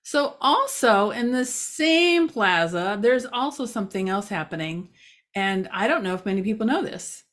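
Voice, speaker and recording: A woman with a medium-pitched voice delivers a rambling, chatty local news update outside near a parking lot, packed with fillers and jokes at her own expense.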